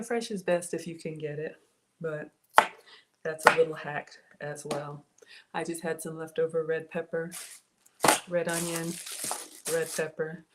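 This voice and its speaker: A woman home cook talking casually to her livestream viewers from her kitchen and greeting them by name, recorded on a phone. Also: on the low side. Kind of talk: casual cooking livestream chat. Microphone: cell phone and tablet. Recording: noisy phone livestream audio.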